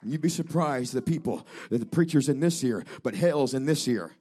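A man's voice: medium pitch, lively intonation, moderate pace, warm tone, husky, some chatter behind. A man preaching a fervent, declamatory revival sermon as a traveling evangelist in a church. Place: church during a revival service.

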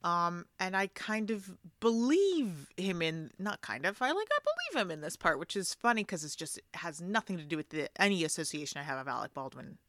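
A woman's voice: lowish voice, very animated, brisk, hardly any pauses, a bit bright, no room sound, clean studio sound. A woman co-hosting a casual film podcast, talking thoughtfully about casting. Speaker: podcast co-host.

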